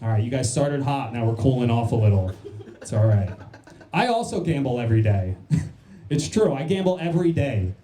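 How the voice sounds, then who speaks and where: A man's voice: mid-range voice, animated, moderate pace, dark tone, echoey room. A man from New Jersey doing a stand-up set in a comedy club, crude and self-mocking, riffing with the crowd.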